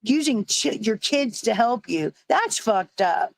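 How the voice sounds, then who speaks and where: A woman's voice: a little high, sing-song, slow pace, vocal fry, no echo, rough recording. A woman arguing heatedly on a live stream panel, defensive and profane, often stumbling over her words.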